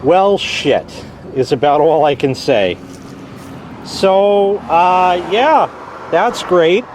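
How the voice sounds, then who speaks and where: A man's voice: sits high, lively intonation, very slow, background noise. A man casually vlogging outdoors beside his car, rambling wryly about a broken belt and swearing lightly. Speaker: car owner vlogging a repair. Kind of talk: casual vlog.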